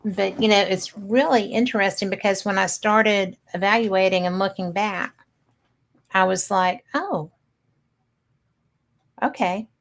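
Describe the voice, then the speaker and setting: Woman, host, gravelly voice, reflective, casual chat. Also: mid-range voice. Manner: chatty, reflective, quick to laugh.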